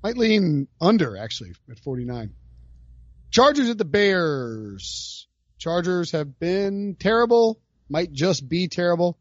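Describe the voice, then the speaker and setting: A man's voice: high voice, very animated, measured pace, no room sound, muffled recording. A man hosting a sports betting podcast, talking in an emphatic, ranting, hyperbolic way. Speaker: podcast host.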